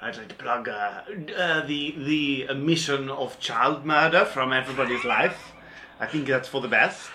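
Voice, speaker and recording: A man chatting on a podcast, delivering dark jokes deadpan with hesitant fillers. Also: medium pitch, moderate pace, a little hiss or hum. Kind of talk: casual podcast chat.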